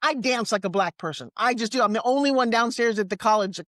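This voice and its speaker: A woman in her sixties with a New York accent, a guest telling personal stories in a lively, candid way with quick asides. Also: fairly high pitch, no room sound, studio quality. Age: 60s. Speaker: interview guest. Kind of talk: personal storytelling in conversation.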